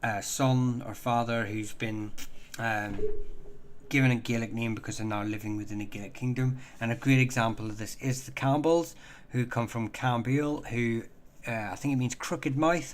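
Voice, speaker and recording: A man hosting a casual live stream, answering viewer questions in a halting way, full of ums and restarts, chatty and self-deprecating. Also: mid-range voice, steady tone.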